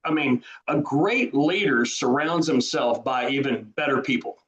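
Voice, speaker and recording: A man with a Southern drawl, a guest author talking casually in an interview, slow and full of restarts. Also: mid-range voice, fairly bright tone, muffled recording. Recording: roomy echo.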